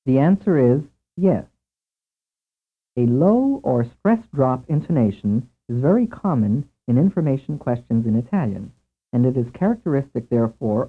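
A man narrating a scripted language lesson in a measured way, asking questions and then giving the answers. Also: mid-range voice, breathy edge. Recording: tinny lo-fi tape over a narrow band.

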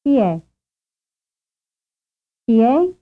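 A woman voicing model phrases for a language drill, slow, careful and deliberate. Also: a little high, sing-song. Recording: tinny lo-fi tape over a narrow band.

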